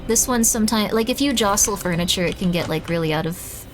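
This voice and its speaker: A woman's voice: medium pitch, quick pace, faint music behind. A young woman streaming a game, rambling and joking to herself, now and then breaking into panicked shrieks. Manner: rambling, self-deprecating, bursts into panicked shrieks. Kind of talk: casual gameplay commentary.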